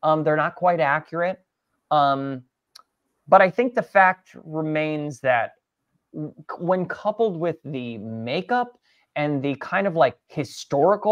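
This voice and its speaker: A man's voice: fairly high pitch, lively intonation, unhurried, no room sound, highs cut off. A man in a casual comedy debate, talking hesitantly with many restarts.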